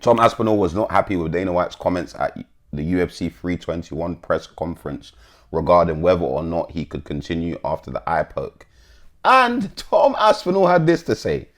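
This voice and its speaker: A man's voice: low voice, brisk. A man hosting an MMA commentary channel, chatting bluntly and swearing as he reads posts to his viewers. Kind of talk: casual commentary, reading posts aloud.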